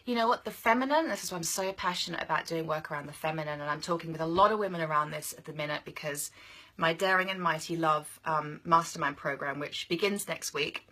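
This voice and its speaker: Passionate, husky-voiced woman coach. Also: deep voice, fast talker, sharp tone. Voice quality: passionate, emphatic, repeats phrases for force. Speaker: women's business coach. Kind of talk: motivational monologue to camera.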